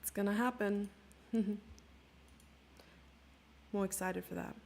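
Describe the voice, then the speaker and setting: Woman chess streamer, slow unhurried delivery, chatty, thinks aloud, slips into whispers. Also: mid-range voice, fairly even intonation, vocal fry, darkish tone. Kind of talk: live chess commentary.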